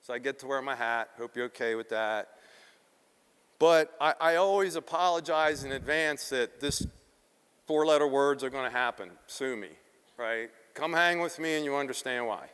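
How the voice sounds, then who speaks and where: A middle-aged man from South Philadelphia giving a live keynote talk, animated and profane, acting out the quotes in his stories. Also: medium pitch, moderate pace, clean tone, long reverb tail. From South Philadelphia, USA. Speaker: keynote speaker.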